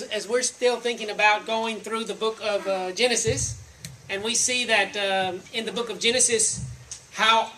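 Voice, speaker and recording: A woman's voice: medium pitch, bright, forceful tone, a little hiss or hum. A woman giving a conversational, reflective sermon, listing examples one by one, recorded from a distance in a church hall. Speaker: preacher. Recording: roomy echo from a distant mic, faint ambience.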